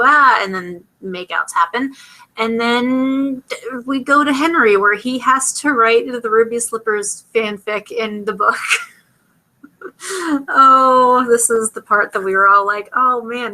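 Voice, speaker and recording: A young American woman casually recapping a TV episode, rambling and acting out the characters' lines in quick asides. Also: medium pitch, sharp tone, rough recording. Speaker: vlogger.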